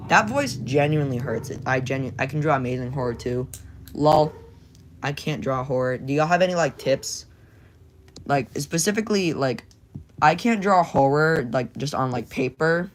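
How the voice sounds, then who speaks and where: There's slight background noise as a young streamer with a medium-pitched voice draws and chats loosely with his audience. He rambles and clowns around, switching into silly voices and whispers.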